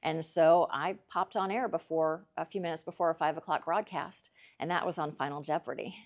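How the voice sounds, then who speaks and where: A middle-aged woman, a meteorologist telling folksy, lively stories as a guest speaker at a club. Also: deep voice, brisk. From Kansas. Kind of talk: after-dinner talk, storytelling.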